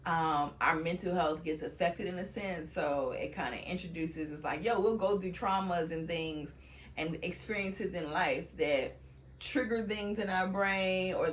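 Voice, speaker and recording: Chatty woman with AAVE, lower voice. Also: a little hiss or hum. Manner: chatty storyteller, laughs often, acts out quotes. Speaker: poet and guest. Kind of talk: casual interview chat.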